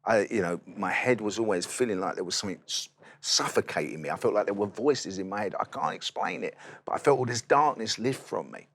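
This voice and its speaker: A man, a guest in an interview, telling his testimony as a lively storyteller who acts out the dialogue. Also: on the low side, fairly quick.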